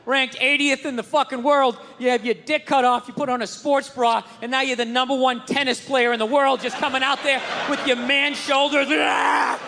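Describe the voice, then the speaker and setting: Middle-aged male stand-up comic, high-pitched, sharp-edged delivery, profane rant, hall reverb. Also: little pitch movement, moderate pace, creaky, few pauses, slight background noise. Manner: loud ranting, profane, yelling punchlines. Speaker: stand-up comedian.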